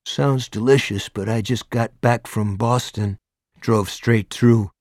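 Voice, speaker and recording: A man's voice: on the low side, fairly even intonation, slow, a little mellow, dry recording, clean studio sound. A man voicing a tired, guarded young man who gives curt, laconic replies. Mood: weary. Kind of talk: audiobook character voice.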